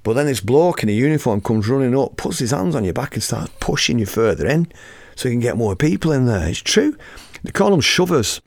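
A man in his fifties hosting a podcast, telling a story in a lively, casual way, acting out the scene and swearing freely. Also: medium pitch, a little fast, gravelly, dry recording. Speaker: podcast host and musician.

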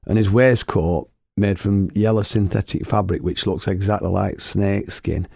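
A chatty storyteller with a low, gravelly voice, rambling from one tale to the next. The recording is dry and close, with hardly any room sound. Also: male voice, fairly even intonation, a little slow, a little mellow, no room sound. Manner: rambling, chatty, laughs at his own tales. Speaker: storyteller and former radio host. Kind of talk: casual anecdotal storytelling.

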